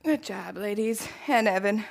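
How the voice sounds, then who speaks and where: A woman's voice: medium pitch, unhurried, vocal fry, low-quality recording. A woman fitness instructor leading a live workout, upbeat and encouraging, who laughs often.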